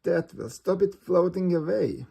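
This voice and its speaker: A man's voice: high-pitched, expressive, a little slow, vocal fry, dark tone, husky, pitched above the performer's own voice, full character voice. A man voicing a jolly, helpful father pig in a picture storybook.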